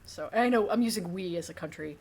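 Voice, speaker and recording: A woman's voice: lowish voice, quick pace, a little mellow, a little hiss or hum. A young woman co-hosting a podcast, talking in casual, rambling chat with lots of fillers. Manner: chatty, rambling, many fillers. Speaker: podcast co-host.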